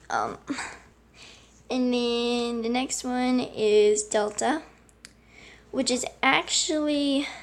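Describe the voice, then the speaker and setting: A woman with a fairly high voice gives a slow, rambling tour of her game animals. She chats to the characters and her own screen as she goes, and her voice now and then breaks into squeaks. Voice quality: voice cracks into squeaks at times. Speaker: channel host showing a game collection. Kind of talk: casual screen-recording commentary.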